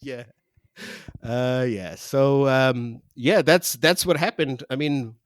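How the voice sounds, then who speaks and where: A man's voice: mid-range voice, takes it slowly, no echo, studio quality. A man co-hosting a podcast in casual chat, rambling with restarts. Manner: rambling, many restarts and fillers. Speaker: podcast co-host.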